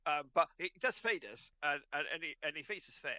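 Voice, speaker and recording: A man voicing a proud giant husky who acts as an aloof pack leader, haughty and curt, but gushing when he is scratched. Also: a little high, a little fast, pushed and bright, dry recording, dull audio.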